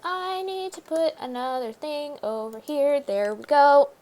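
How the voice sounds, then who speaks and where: High-voiced goofy woman streamer. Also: measured pace, a little mellow. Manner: goofy, sings made-up ditties while playing. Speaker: streamer host. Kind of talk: casual gaming stream chat.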